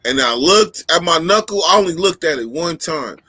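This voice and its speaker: A man hosting a casual chat, telling animated, profane stories in slangy speech. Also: on the high side, normal speed, breathy edge, no echo. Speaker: podcast host.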